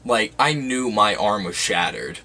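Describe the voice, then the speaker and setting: A man's voice: on the low side, sing-song, unhurried, sharp tone. A young man telling a story for his vlog in a casual, dramatic way, full of "like" and "you know". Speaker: YouTuber.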